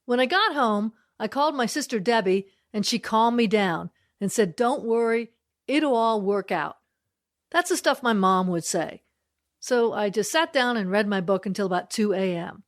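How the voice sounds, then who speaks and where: A woman's voice: medium pitch, animated, normal speed. A middle-aged woman comedian telling a personal story in a chatty way, laughing between lines.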